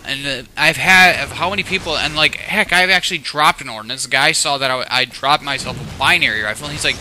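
A man's voice: medium pitch, fast talker, few pauses, sharp tone. A young man giving casual commentary over his own online match, often exclaiming in frustration at lag and other players. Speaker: gaming channel host. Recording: faint game noise behind voice.

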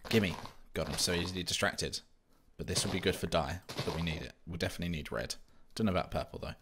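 Chatty deep-voiced gamer. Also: male voice, quick pace, noisy background. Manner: chatty, self-mocking, easily distracted. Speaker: Minecraft let's-player. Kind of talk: casual gameplay commentary.

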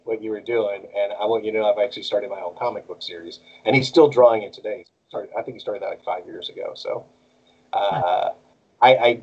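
A man's voice: fairly low pitch, slightly rough, muffled recording. A man who voices cartoons, chatting casually as an interview guest and jumping between bits of character voices. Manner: animated, jumps into character voices. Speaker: voice actor guest.

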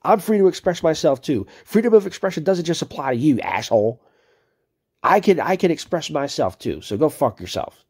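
A man's voice: fairly high pitch, very animated, fairly quick, a little mellow, slightly rough. A man giving heated, profane commentary on chat messages he reads out, ranting and cursing as a video creator.

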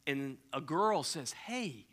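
A man's voice: on the high side, measured pace, pushed and bright. A man preaching a sermon, telling stories in a casual, conversational way with slang. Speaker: pastor.

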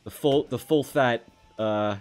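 A man's voice: mid-range voice, slow pace, darkish tone, soft background music. A young man hosting a podcast, casually reacting to a clip with mocking jokes, laughs and lots of fillers. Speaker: podcast host.

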